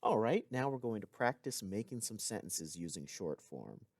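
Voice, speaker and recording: A man giving a recorded language lesson, explaining clearly with occasional casual asides. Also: lowish voice, big pitch swings, moderate pace, darkish tone, dry recording, clean studio sound. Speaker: language teacher.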